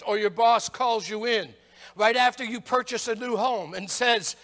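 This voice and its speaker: Pastor, male, very high and bright voice, slow emphatic preaching. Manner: emphatic preaching, rising to shouts on rhetorical questions. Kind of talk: sermon. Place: church sanctuary. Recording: long church hall reverb.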